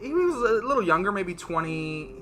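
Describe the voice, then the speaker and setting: A man's voice: sits high, very animated, normal speed, a bit bright, soft background music. A man co-hosting a casual couple's chat, telling stories and laughing often. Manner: chatty storyteller, laughs often. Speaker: co-host.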